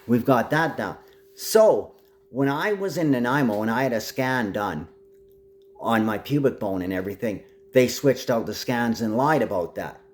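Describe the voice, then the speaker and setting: A man's voice: medium pitch, a little mellow. A man talking to camera in a rambling, agitated monologue, addressing absent people directly.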